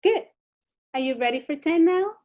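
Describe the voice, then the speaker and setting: High, upbeat woman teaching kids drama. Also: expressive, moderate pace. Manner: bright, encouraging and playful. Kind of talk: children's drama lesson.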